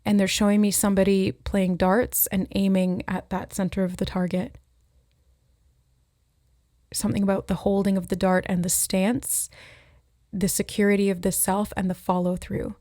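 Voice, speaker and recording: A woman's voice: medium pitch, little pitch movement, normal speed, warm tone, no room sound, clean studio sound. A woman giving an intuitive tarot reading, musing aloud and relaying messages as she receives them. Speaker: tarot reader. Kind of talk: intuitive card reading to camera.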